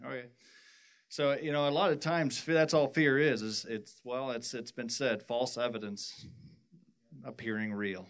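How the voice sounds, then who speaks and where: Guy rambling thru his church testimony, lots of stops and restarts, middle-pitched voice. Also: fairly even intonation. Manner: rambling, halting, many restarts. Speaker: church worship team member giving a testimony.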